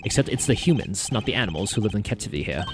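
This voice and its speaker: A game player voicing a formal, analytical male prosecutor with a measured, dry delivery. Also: deep voice, very animated, pitched below the performer's own voice. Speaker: prosecutor character.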